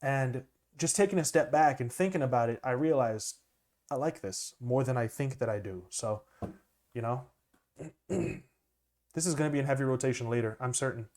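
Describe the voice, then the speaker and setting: A young man, a music producer, chatting casually and excitedly as he reacts to an album, laughing often. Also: medium pitch, normal speed. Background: music playing faintly.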